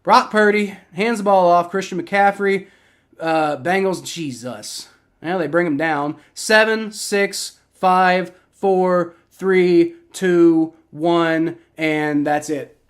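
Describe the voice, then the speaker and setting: A young man hosting a live stream, giving rambling, excitable reactions and play-by-play while he watches a football game and swears freely. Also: high voice, takes it slowly. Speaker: livestream host.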